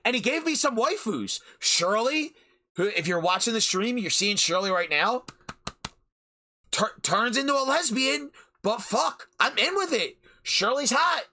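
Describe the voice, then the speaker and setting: This man's voice is very high, with lively intonation and a sharp tone, and he speaks a little slowly. Hosting his podcast from home during a storm, he rants about anime, cursing heatedly and repeating phrases to drive points home.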